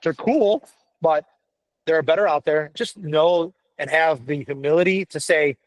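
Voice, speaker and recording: A gruff middle-aged man speaking as a firefighter guest in a casual chat, blunt and profane, telling stories with energy. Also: fairly high pitch, measured pace, dry recording, poor audio. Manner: blunt, profane, animated storytelling. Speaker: podcast guest, firefighter paramedic.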